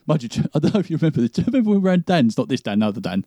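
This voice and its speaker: A man's voice: on the high side, sing-song, racing, mellow, dry recording. A man chatting in a laid-back, slangy way, laughing often. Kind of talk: casual chat.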